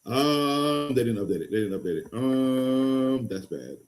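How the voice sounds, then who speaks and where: A man hosting a live fantasy football stream, excitable and rambling, going from loud hype to low mutters. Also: a little slow. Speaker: fantasy football show host. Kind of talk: casual live-stream talk.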